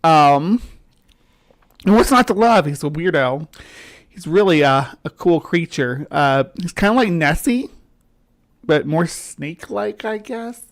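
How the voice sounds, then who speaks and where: A woman's voice: low-pitched, lively intonation, unhurried. A woman with a central US accent, chatting casually and rambling as a livestream host while she greets viewers. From central US, between the South and the upper Midwest. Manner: skeptic.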